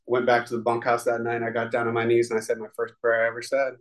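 A man gives personal testimony about his recovery before a live audience in a room, heartfelt and rambling, restarting often. He talks fast at a medium pitch with a completely flat delivery, on a rough recording.

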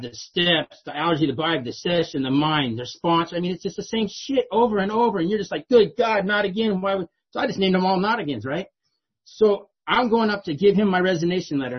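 His pitch sits fairly high with a breathy edge. In a dull lo-fi recording, this middle-aged man recounts his own recovery to a meeting, street-smart and self-deprecating, repeatedly adding "right?" to his lines.

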